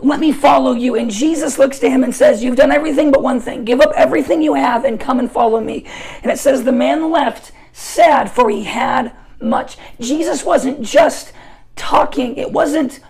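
A young adult woman preaching a sermon, telling stories in an animated way, with soft asides and shouted emphasis. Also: high voice, moderate pace, vocal fry, poor audio.

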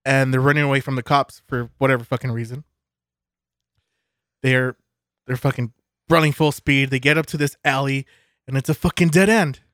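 A man's voice: medium pitch, steady tone, normal speed, pauses often, a bit bright, dry recording, clean studio sound. A man co-hosting a podcast, telling a joke casually with plenty of swearing. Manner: loose, profane storytelling. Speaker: podcast co-host. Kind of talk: casual chat, storytelling.

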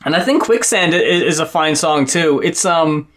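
A man chatting casually about an album, profane and animated, laughing often. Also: on the high side, normal speed, noisy background. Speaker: podcast co-host. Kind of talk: casual album review chat.

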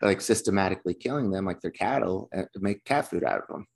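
Deep-voiced man telling loose stories. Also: fast, gravelly. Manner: loose, swearing, laughing storyteller. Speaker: podcast co-host. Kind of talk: casual chat.

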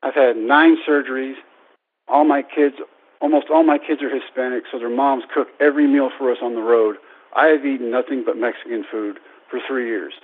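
A man in his thirties, a baseball coach, telling a lively personal story to an audience and acting out the voices in it. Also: mid-range voice, moderate pace. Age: 30s. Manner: animated, acts out quoted voices. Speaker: baseball coach and public speaker. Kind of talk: storytelling speech. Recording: tinny phone-like radio broadcast.

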